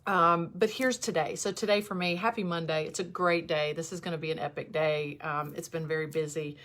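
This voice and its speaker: A woman in her forties talking candidly to viewers on a livestream, emotional and close to tears, halting and restarting. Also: sits low, steady tone, fairly bright tone. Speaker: host. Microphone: camera in front of her.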